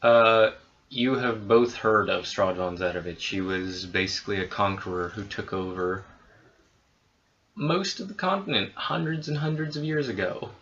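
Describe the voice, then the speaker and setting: A man's voice: lowish voice, moderate pace, a bit bright, slight background noise. Guy dming a tabletop game, teasing his players, kinda muffled lo-fi audio. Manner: wry, teasing, swears casually. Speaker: game master. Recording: dull lo-fi audio.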